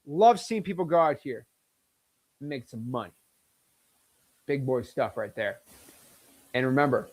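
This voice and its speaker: A young man in his twenties talks in a casual livestream, boastful and fired up. His voice sits a little high, and the sound is dry and close with no room echo. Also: normal speed, pauses often. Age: 20s. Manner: hyped, boastful, excitable. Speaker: host.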